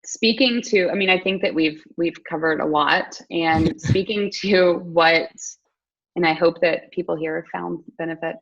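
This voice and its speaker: Woman host, reflective interviewer, lowish voice, muffled recording. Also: fairly even intonation, moderate pace, few pauses, a bit bright. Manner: reflective, thinks aloud with restarts. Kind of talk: conversational interview.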